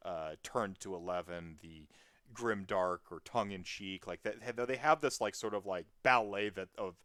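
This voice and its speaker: A podcast guest talking in a casual, rambling way, animated and full of tangents and fillers. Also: low-pitched, normal speed, no room sound, studio quality.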